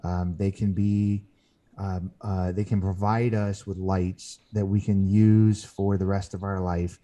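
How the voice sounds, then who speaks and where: A man with a very dark, mellow, low-pitched voice. He speaks as a guest in a podcast interview. He tells his stories earnestly, stopping and restarting mid-sentence. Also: flat delivery. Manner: earnest storyteller who acts out quoted voices; halting, with frequent restarts. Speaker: guest author.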